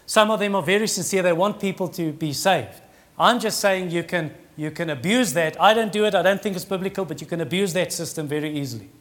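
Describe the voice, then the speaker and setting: A man's voice: high-pitched, a little fast, fairly bright tone. A middle-aged man preaching a sermon in an earnest, conversational way that rises in emphasis.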